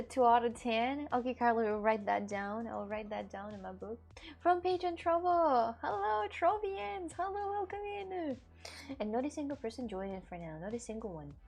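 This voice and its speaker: A young woman live-streaming from her home setup, chatting casually with her audience, laughing often and swearing freely. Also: mid-range voice. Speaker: live streamer reading chat.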